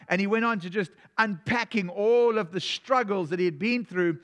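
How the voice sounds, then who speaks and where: A man's voice: high voice, brisk, hardly any pauses, a bit bright. A man from South Africa with a South African accent, a pastor preaching a sermon in a conversational way, telling stories and often restarting his sentences.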